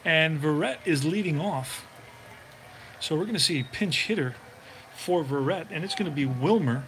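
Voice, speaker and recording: A man narrates a tabletop baseball game like a radio announcer, calling each roll and play in a relaxed, chatty manner. His voice sits a little higher than most men's. A faint hiss of noise runs under the recording. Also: moderate pace. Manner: relaxed, chatty, thinks aloud while looking things up.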